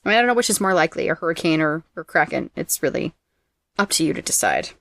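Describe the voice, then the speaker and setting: A woman hosting a podcast who reads out trivia facts in a brisk, teasing way and laughs often. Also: low-pitched, sing-song, gravelly, a bit bright, no echo. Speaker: podcast host presenting trivia. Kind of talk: casual trivia chat, reading facts.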